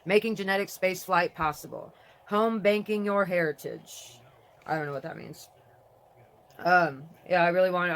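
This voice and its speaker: An adult vlogger with a grown daughter, talking casually and reading aloud from a website. The talk rambles, interrupts itself, and swings between excitement and mourning. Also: medium pitch. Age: adult with a grown child.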